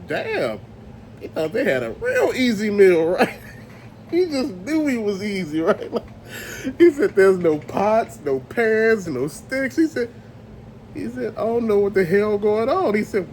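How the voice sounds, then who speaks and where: A man's voice: high-pitched, a little mellow, a little hiss or hum. A man telling a creepy story in a casual, profane way, acting out sounds and other people's voices. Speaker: storyteller host.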